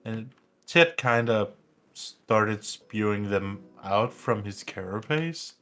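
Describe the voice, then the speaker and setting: A man playing a tabletop game, describing events haltingly and with many fillers. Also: lowish voice, a bit bright, slight background noise. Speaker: player. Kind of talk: casual tabletop play.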